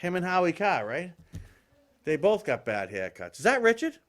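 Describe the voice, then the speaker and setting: A man hosting a live political talk show, ranting in an animated, exasperated way with frequent restarts. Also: sits high, normal speed. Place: live studio with guests.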